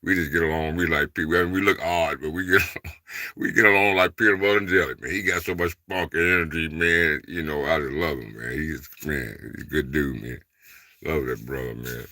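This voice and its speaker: Gravelly low-voiced man rambling casually. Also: steady tone, a little fast, pushed and bright, no room sound. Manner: rambling, loose, filler-heavy, repeats "man" and "you know"; informal dialect speech. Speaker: livestream host. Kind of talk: casual chat to viewers.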